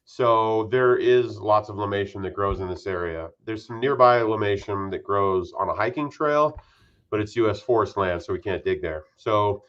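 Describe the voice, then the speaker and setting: A man from Utah, a guest on a casual podcast interview, talking in an easygoing, unhurried way. His voice sits fairly low, and it comes through on dull, lo-fi remote audio. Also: a bit bright. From Utah, USA.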